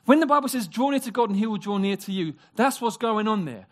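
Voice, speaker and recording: A man preaching a sermon, animated, acting out quoted voices and dropping into hushed, near-whispered passages. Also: high-pitched, fast talker. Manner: animated, acts out quoted voices, drops to a hush.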